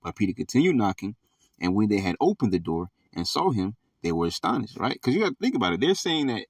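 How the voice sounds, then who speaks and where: A man with a lowish voice leads an informal bible study, reading verses aloud and then breaking them down in casual, slangy talk. He keeps checking in with the listener. The sound is dry and a little distant from the mic. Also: sing-song, fast talker, dry recording. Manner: conversational, slangy, frequent "all right?" check-ins. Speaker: bible teacher.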